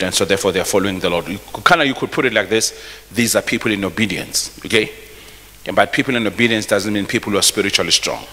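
A man's voice: fairly low pitch, bright, forceful tone, big-room sound. A pastor preaching a sermon. He reads scripture aloud, stops to explain it, and often repeats and restarts his phrases. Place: church hall.

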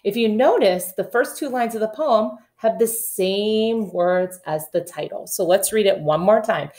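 A woman teaching a remote kindergarten phonics lesson. She drills letter sounds slowly and deliberately, then reads a rhyme aloud in an encouraging sing-song. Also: medium pitch, darkish tone.

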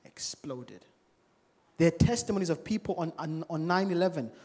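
A man's voice: fairly high pitch, normal speed. Man preaching in a reverberant church. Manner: animated preaching with rhetorical questions to the congregation. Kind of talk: sermon. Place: church service. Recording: long reverb of a large church hall.

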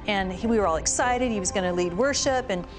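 A middle-aged woman speaking as a guest on a Christian talk show, telling lively stories and acting out what people said. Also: medium pitch, fast talker, over music. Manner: animated storytelling, acts out quoted voices.

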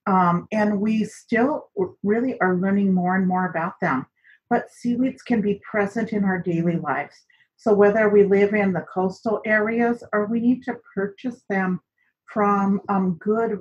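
A woman teaching an online cooking and seaweed class in a chatty way, with many fillers. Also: medium pitch. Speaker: instructor. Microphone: recorded on camera for an online class. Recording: dull lo-fi recording.

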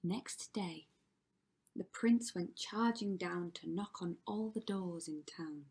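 A woman's voice: fairly low pitch, takes it slowly, a little mellow, breathy edge. A woman teacher reading a rhyming story aloud to children with dramatic delivery, often dropping to a whisper. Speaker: primary school teacher.

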